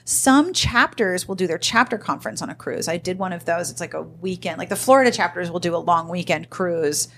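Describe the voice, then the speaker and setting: A woman's voice: fairly low pitch, animated, brisk, few pauses, a bit bright, slight background noise. A woman co-hosting a podcast, telling stories in casual chat and acting out the people she quotes. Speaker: podcast co-host.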